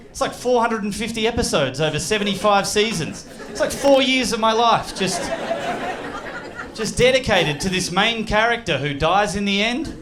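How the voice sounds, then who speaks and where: A man with an Australian accent doing live stand-up comedy, animated and jumping into loud put-on voices. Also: sits high. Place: comedy club stage. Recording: live club mic, loud crowd laughter. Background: audience laughing.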